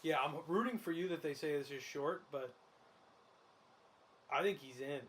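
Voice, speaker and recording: An excitable man who laughs often, hosting casual sports betting commentary while watching a game. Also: on the high side, normal speed, slight background noise. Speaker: host.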